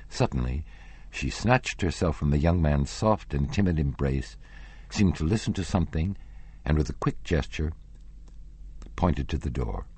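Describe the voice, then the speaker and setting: A man with a very low, husky voice narrates a classic novel in a measured, expressive way. His pitch moves widely through each sentence, and the recording is close and dry, with no room sound. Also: no echo. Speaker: audiobook narrator.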